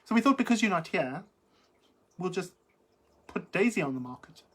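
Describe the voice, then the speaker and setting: A woman's voice: on the low side, big pitch swings, normal speed, husky. A middle-aged woman hosting a live chat, reading out viewer comments in a camp, theatrical, giggly manner. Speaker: livestream host.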